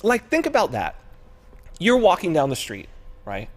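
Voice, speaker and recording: A man's voice: high voice, wildly swooping pitch, normal speed. A man hosting a live talk show, chatting casually, swearing freely and acting out other people in exaggerated voices. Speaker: show host.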